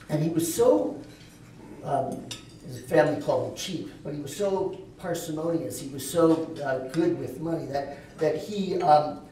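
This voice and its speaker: A man's voice: fairly high pitch, mellow. A man giving a keynote talk at a dinner event, telling a long anecdotal story with touches of light humor. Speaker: keynote speaker. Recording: echoey hall, voice from far off.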